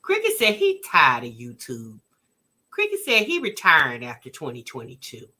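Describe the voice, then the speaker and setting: A woman hosting a reaction vlog, chatting casually with her live chat in an animated, exclamatory way and often restarting her sentences. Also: deep voice, normal speed. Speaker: vlog host reacting to a video.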